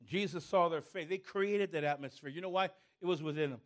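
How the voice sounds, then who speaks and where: A male pastor preaching a sermon, calling on the congregation and rising to shouts. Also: fairly high pitch, a little fast.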